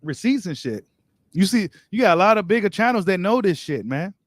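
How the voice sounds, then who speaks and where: A man's voice: high voice, sing-song, a little fast, dry recording, studio quality. A man hosting a boxing live stream, reading viewer comments and giving his take in casual, slangy talk straight to his viewers. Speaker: boxing channel host.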